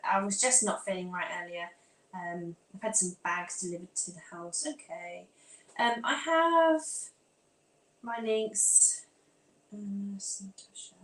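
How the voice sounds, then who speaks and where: This mid-range voice belongs to an Englishwoman with a near-standard southern accent, hosting a laid-back live stream at home. She fiddles with her phone and laptop, chatting to viewers in a scattered way and talking to herself, while the echoey room carries faint ambience.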